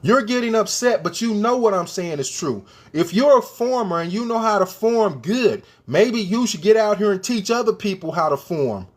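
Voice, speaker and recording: A man's voice: high voice, lively intonation, normal speed, hardly any pauses. A man delivering an opinion rant straight to his viewers, emphatic and firing off repeated rhetorical questions. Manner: addresses the viewers directly. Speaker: commentator.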